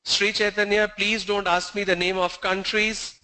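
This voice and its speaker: A man's voice: sits high, little pitch movement, normal speed, bright, forceful tone, poor audio. A man teaching a pronunciation class online, spelling words out letter by letter before saying them.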